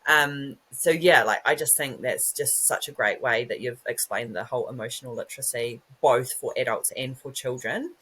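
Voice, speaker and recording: A woman's voice: extremely low pitch, normal speed, few pauses, pushed and bright, slightly rough, poor audio. A woman in her thirties hosting a podcast interview, chatty and affirming as she reflects. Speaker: podcast host. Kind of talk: casual interview chat.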